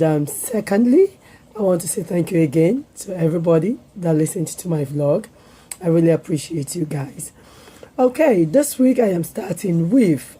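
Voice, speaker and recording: A woman hosting her own parenting vlog, her voice hoarse as it comes back, talking earnestly with filler pauses. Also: low-pitched, mellow. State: hoarse, voice recovering. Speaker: vlogger and parenting show host. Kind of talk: solo vlog talk to viewers.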